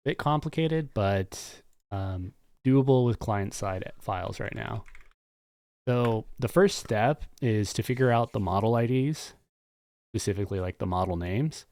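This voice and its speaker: A man's voice: on the low side, a little mellow, no echo, studio quality. A man live-streaming his coding work, talking casually and thinking aloud with muttered asides. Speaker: streamer and game developer.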